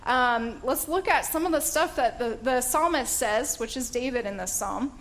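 A woman's voice: a little high, normal speed, fairly bright tone. A woman teaching a casual Bible study in a chatty, enthusiastic way, with fillers and laughter.

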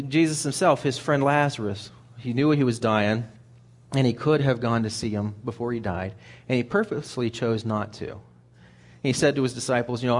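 A man delivering a sermon in an easygoing, conversational way, at a middle pitch. He often repeats and restarts words as he thinks aloud. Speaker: preacher.

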